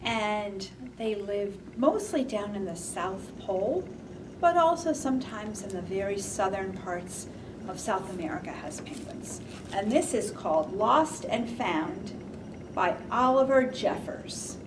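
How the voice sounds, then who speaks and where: A woman leading a children's storytime, singing a song, reading picture books aloud and teaching a finger play in a slow, gentle, sing-song way. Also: medium pitch, expressive. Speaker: children's librarian. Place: library storytime room. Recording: faint room noise, mic at a distance.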